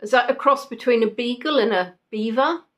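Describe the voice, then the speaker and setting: Quiz host: young woman, chatty and playful, voice sitting a little high. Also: a little fast, fairly bright tone. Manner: chatty, reads out answers, jokes with players. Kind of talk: casual live quiz chat.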